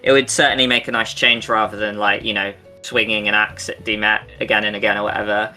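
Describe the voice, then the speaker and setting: A man's voice: fairly low pitch, little pitch movement, fast, pushed and bright, soft background music. A man co-hosting a podcast, chatty and enthusiastic, with casual swearing. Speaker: podcast co-host. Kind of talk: casual Q&A chat.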